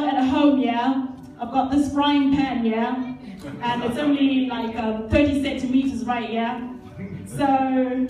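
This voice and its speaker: An easygoing British fisherman, put on by a woman, talks breezily in a slangy, matter-of-fact way. The voice sits high and mellow. It is caught from a distance in a very echoey hall with faint music underneath. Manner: breezy, slangy, chatty with tags like mate and yeah. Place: large indoor leisure centre hall.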